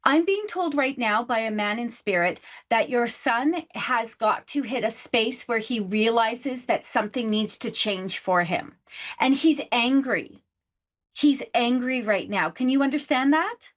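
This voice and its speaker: High-voiced woman giving a psychic reading. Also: animated, measured pace. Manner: warm, affectionate, says please and love often. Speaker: psychic medium host. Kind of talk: live psychic reading with a caller.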